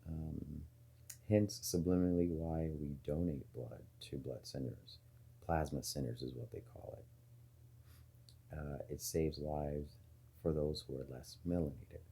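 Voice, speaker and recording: A man's voice: rumbling low, measured pace, vocal fry, dark tone, breathy edge. A man talking casually to his viewers, rambling through ideas with many fillers and restarts. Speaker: video host. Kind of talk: casual monologue to camera.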